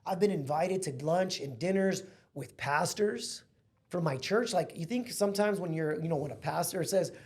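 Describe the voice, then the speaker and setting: A man's voice: a little high, normal speed. A man in his thirties, a podcast guest, telling a heartfelt personal story in an earnest, casual way. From Mexico. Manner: earnest, heartfelt, calls listener bro and man.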